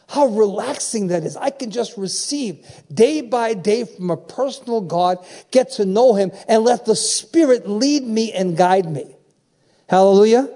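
A man's voice: high voice, expressive, unhurried, warm tone. A man in his seventies preaching a sermon, emphatic, repeating phrases and calling out to his congregation. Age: 70s.

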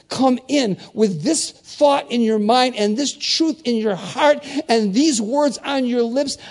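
An older man preaching a sermon, calling out to the congregation and swinging between loud, high exclamations and low, quiet storytelling. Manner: animated call-and-response preaching with wide swings in pitch and volume.

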